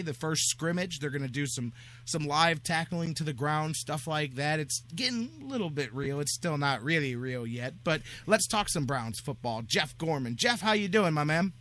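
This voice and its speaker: A man hosting a sports talk radio show, chatting casually and joking with quick asides. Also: a little high, fairly bright tone.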